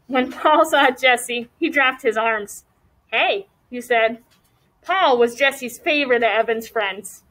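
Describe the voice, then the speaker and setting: A woman teacher reads a chapter book aloud to her class. She reads expressively in a high voice and stops to quiz the students. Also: measured pace, rough recording. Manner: expressive, asks the class questions.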